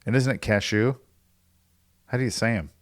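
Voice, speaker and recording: A man's voice: mid-range voice, moderate pace. A man co-hosting a sales podcast in casual chat, joking, laughing often and riffing on silly scenarios. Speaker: podcast co-host.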